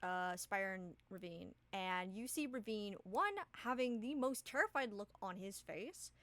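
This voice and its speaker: A woman's voice: mid-range voice, lively intonation, unhurried, fairly bright tone, dry recording. A woman narrating as game master in a tabletop game, casual and rambling, swearing freely.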